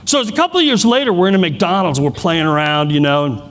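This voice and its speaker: A man's voice: high voice, fast, fairly bright tone, in a large hall. A middle-aged man giving a keynote, telling personal family stories in a candid, self-deprecating way with many restarts. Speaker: keynote speaker.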